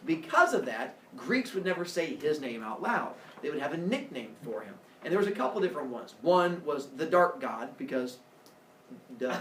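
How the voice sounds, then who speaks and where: A man's voice: fairly high pitch, very animated, normal speed, a bit bright, distant mic, slight background noise. Joking male teacher in an echoey classroom. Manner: joking, playful storytelling. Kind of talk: classroom lecture.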